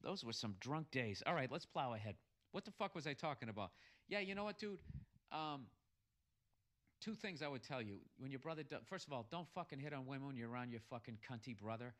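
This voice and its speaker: Here a man speaks at a fairly quick clip, his medium-pitched voice expressive as he recounts a crude, comical bar story. He gives blunt advice and swears freely, loud and coarse throughout this profane comic storytelling.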